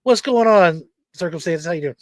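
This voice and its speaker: A man hosts a casual podcast chat, telling a high-energy story as an animated storyteller who swears freely. His voice sits high and moves fairly quickly, with no room sound.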